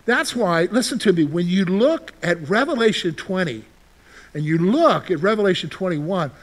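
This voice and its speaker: A man with a high-sitting, expressive voice preaches at normal speed. His conversational sermon has him questioning the congregation, answering for them, and acting out their imagined responses.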